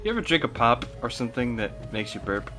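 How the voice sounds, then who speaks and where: A man's voice: mid-range voice, lively intonation, quick pace, music in the background. A man streaming a video game, chatting casually and goofily with viewers and laughing often. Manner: giggly and goofy, laughs often. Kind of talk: casual live-stream chat while gaming. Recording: clear background noise.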